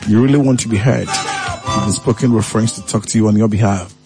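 A man's voice: on the low side, a little fast, over music. A man telling a comic story about couples making up, addressing listeners directly and dramatically. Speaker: comedic storyteller. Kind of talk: comedic monologue.

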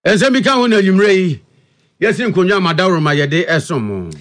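A Ghanaian man reading the news as a radio anchor in a brisk, measured delivery. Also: sits high, animated, background noise.

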